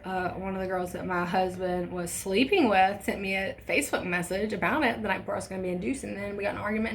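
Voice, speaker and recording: A woman's voice: mid-range voice, fairly bright tone, a little hiss or hum. A young woman vlogger telling a personal story in casual chat, candid and swearing often. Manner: candid, swears a lot, acts out quoted voices.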